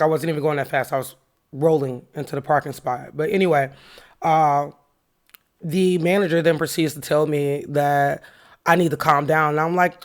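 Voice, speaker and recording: A woman hosting a podcast, candidly retelling a heated run-in and reflecting on what it taught her. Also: deep voice. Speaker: podcast host. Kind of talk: casual personal storytelling with a lesson.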